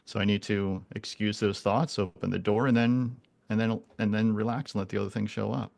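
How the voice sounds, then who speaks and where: A man's voice: lowish voice, steady tone, brisk, creaky, darkish tone. A man in his forties, a podcast guest talking casually and earnestly, often restarting and repeating words. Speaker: guest, animal communicator.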